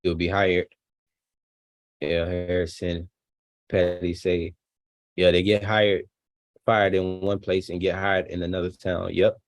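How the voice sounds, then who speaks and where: Low-voiced man hosting a live reaction stream. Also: little pitch movement, slow, long pauses, no room sound. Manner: laughing, chatty asides to viewers. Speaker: channel host reacting to a video. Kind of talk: live-stream commentary with chat.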